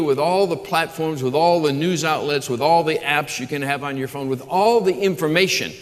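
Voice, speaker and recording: Pastor guy preaching, earnest, kinda high voice, lots of restarts, big echoey church hall. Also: a bit bright. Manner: earnest, repeats words and restarts, builds lists. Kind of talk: sermon. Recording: long hall reverb.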